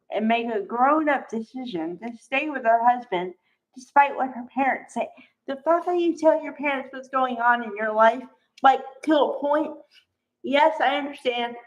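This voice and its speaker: A middle-aged woman talks through soap storylines at an unhurried, drawn-out pace, her voice sitting fairly high. She sounds exasperated and animated, acting out quotes as she vents. The recording is a bit dull and lo-fi. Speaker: soap opera recap host. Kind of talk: casual recap and opinion vlog.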